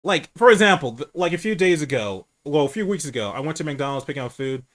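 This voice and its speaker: A man hosting a casual livestream chat, candid and profane, who says he speaks low and rambles with restarts. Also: animated, fast talker, a bit bright.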